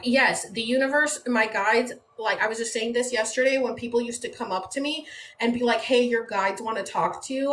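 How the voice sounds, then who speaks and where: A woman's voice: fairly high pitch, moderate pace, fairly bright tone. A woman from San Diego chatting casually on a phone livestream from home, rambling and leaning on "like" as she talks. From San Diego, California. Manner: rambling, conversational, uses "like" often. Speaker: livestream host. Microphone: phone mic. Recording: echoey room with faint background noise.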